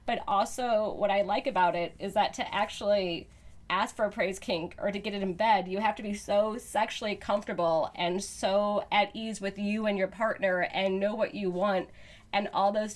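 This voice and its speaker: A woman's voice: mid-range voice, moderate pace. Chatty woman podcast host, laughing often. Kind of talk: casual chat.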